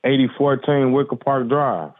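A man's voice: mid-range voice, moderate pace, slight background noise. A man on the receiving end of a prank call, defensive and insistent, swearing as he argues back. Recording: tinny phone line.

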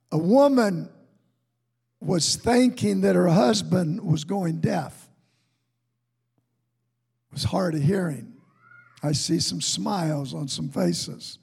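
Slow and drawn out, a high-pitched pastor's sermon rings with a long echo in the church sanctuary. His voice is husky, gravelly, and a little mellow, and he alternates between folksy tales and earnest exhortation.

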